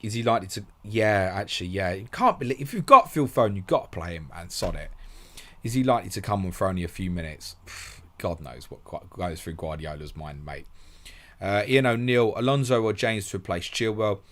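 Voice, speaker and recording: A man with a low voice runs a live question stream. He is brisk and matey, reading each question aloud and then answering it. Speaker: podcast host.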